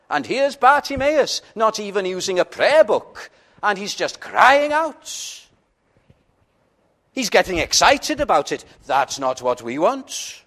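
A male preacher delivering a sermon at an unhurried, deliberate pace. His voice sits a little higher than most men's, earnest and pleading, sometimes sinking to a hushed, intimate tone. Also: wildly swooping pitch. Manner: earnest, pleading, pauses and drops to a quiet intimate tone.

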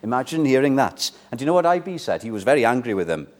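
Guy preaching in church, pleading and earnest, goes loud then soft, very animated pitch. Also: racing. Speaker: pastor. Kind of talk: sermon.

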